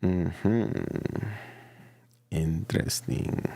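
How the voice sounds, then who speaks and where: A man giving a casual, playful tarot reading to his viewers, chatty and quick to laugh. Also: sits low, animated, creaky, no echo. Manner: chatty and playful, laughs often, repeats himself. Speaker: tarot reader.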